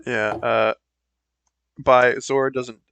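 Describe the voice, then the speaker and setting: A man's voice: medium pitch, flat delivery, slow pace, gravelly, crowd noise. Laughing man joking with friends. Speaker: player. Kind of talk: casual chat with friends while gaming.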